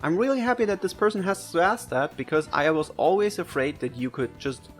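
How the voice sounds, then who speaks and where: A man from Germany with a German accent, casually answering viewer questions for his gaming channel, chatty and quick to laugh, his pitch jumping up when excited. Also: soft background music. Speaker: gaming video creator.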